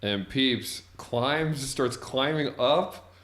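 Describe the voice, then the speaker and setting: A man's voice: medium pitch, drawn-out words, a bit bright. A young man in his twenties telling a long, rambling story in casual chat, full of "like". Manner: rambling storyteller, heavy filler "like". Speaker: podcast co-host.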